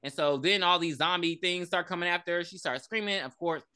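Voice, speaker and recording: A woman co-hosting a podcast, recapping a horror movie in casual, profane, animated chat. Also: on the low side, brisk, clear, resonant tone. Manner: profane, animated storytelling with laughs. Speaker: podcast co-host. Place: podcast recording.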